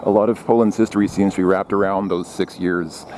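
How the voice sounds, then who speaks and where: A man with a low voice records a casual travel vlog while walking outdoors through a city. He talks in a loose, rambling way, with plenty of fillers and restarts. Faint street noise runs underneath. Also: steady tone, fairly quick, darkish tone. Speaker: travel vlogger.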